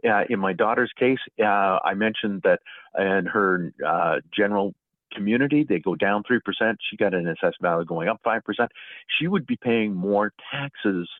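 A middle-aged man on a phone call explains things in a measured, unhurried way, pausing on fillers. His voice sits a little low. The line is thin and tinny, with a dry sound. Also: no echo. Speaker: guest author on property assessment appeals. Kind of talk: radio talk show interview.

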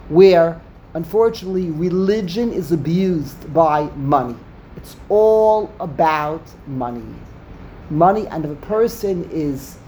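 A man's voice: sits high, a little mellow, slight background noise. A man leading a Talmud study discussion, asking rhetorical questions and mixing in Hebrew terms. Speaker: Torah study teacher.

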